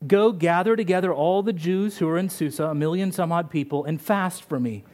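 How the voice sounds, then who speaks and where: Man voicing a young queen, brave, earnest, resolute, high voice. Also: fairly quick, a little mellow, lightly acted. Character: brave young queen pleading for her people.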